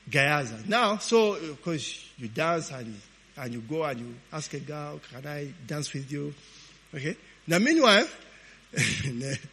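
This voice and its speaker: A man preaching, telling stories in an animated, informal sermon, often tagging lines with "eh?". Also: on the high side, husky. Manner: animated, peppers talk with "eh?" and laughs. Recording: long hall reverb.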